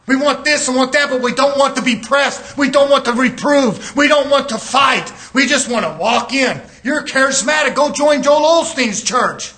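Fiery preacher guy, real high voice, bright and piercing, shouts a lot. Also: moderate pace, few pauses. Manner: shouting, preaching with rising intensity, mimicking whiny voices. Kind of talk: fiery sermon.

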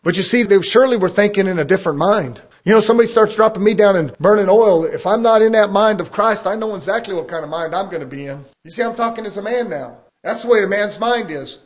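High-voiced folksy preacher man. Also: animated, brisk, hardly any pauses. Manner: folksy, emphatic preaching with acted-out quotes. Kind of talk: sermon.

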